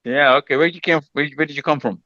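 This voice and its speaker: A man's voice: a little high, quick pace, bright, forceful tone, no echo, dull audio. A man hosting a casual group chat with teenagers, teasing and reassuring them and often repeating himself. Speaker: mentor hosting a session with teenagers.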